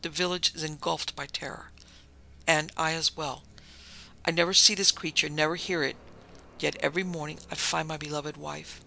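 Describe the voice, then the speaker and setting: A man voicing a weary, despairing older man in a dark story reading, speaking low and heavily over faint music. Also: little pitch movement, moderate pace, vocal fry, slight background noise, full character voice.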